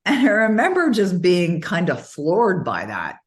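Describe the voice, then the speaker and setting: Low-voiced woman telling a story. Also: a little slow. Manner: animated storytelling, frequent laughs. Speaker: interview guest. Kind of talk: casual interview conversation.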